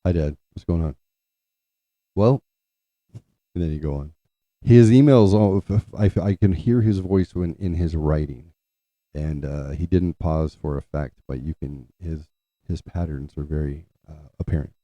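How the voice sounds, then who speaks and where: A man telling a long personal story in a casual, rambling way, often restarting and clearing his throat. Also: extremely low pitch, moderate pace, no room sound. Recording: dull lo-fi sound.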